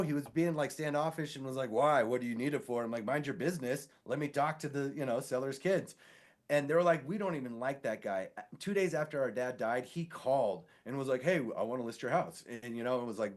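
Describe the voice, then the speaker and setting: An animated man spins a story in relaxed podcast chat. He keeps slipping into quick impressions of the people he quotes, and his voice sits in a middle pitch. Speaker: podcast co-host; sewer inspector.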